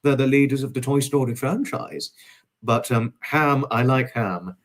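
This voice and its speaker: A man hosting a livestream in casual chat, warmly greeting viewers and reading out their comments with frequent chuckles. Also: medium pitch, unhurried. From United Kingdom. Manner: affectionate, greets viewers as darling, chuckles often. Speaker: livestream host.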